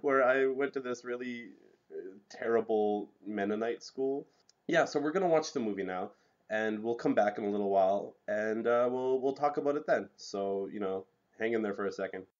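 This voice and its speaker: A man's voice: fairly low pitch, moderate pace, muffled recording. Laid-back young man hosting a chat. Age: young adult. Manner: relaxed, rambling with many fillers. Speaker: podcast host. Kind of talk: casual chat.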